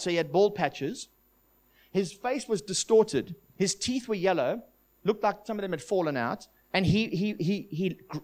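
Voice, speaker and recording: A man preaching a sermon, telling a testimony in an animated storytelling manner. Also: high voice. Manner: animated storytelling, voices quoted demons.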